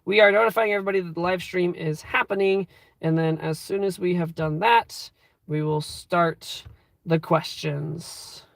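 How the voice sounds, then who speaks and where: A man's voice: sits high, steady tone, normal speed, vocal fry, fairly bright tone, no room sound. A man in his twenties hosting a casual live stream from inside his car. He rambles in an upbeat way, with plenty of fillers, and talks to his viewers through a phone. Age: 20s. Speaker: livestream host.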